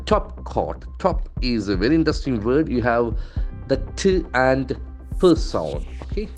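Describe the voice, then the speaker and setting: A male English trainer, not a native speaker, teaching pronunciation in a lesson, repeating words slowly and stressing their syllables. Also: mid-range voice, sing-song, a little mellow, soft background music. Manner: stock phrases "okay, see", "very interesting".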